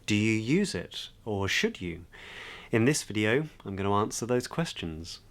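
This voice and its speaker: Low-voiced man teaching speech. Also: big pitch swings, unhurried. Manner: clear, teacherly, with fillers. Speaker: speech coach. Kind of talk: instructional video.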